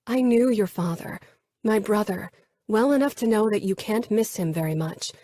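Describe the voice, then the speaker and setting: Firm older mother as a woman narrator puts her on, lifted voice, breathy, dry and close. Speaks with quiet authority. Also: fairly high pitch, a little fast, no room sound, pitched above the performer's own voice, lightly acted.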